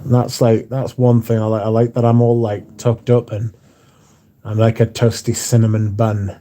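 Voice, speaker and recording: A man's voice: on the low side, level tone, normal speed, mellow, slight background noise. A man hosts a livestream from home, reading out viewers' chat and bantering back in a laid-back way with casual swearing. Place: indoors at home.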